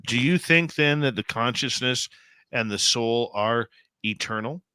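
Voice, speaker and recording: A man's voice: mid-range voice, unhurried, sharp tone, smooth, no room sound. A man hosting a radio talk show, asking questions with wry, joking asides. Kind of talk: casual interview talk.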